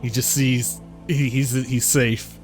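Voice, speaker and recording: Slow-narrating man as game master. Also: mid-range voice, little pitch movement, soft background music. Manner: rambling, with fillers and laughs.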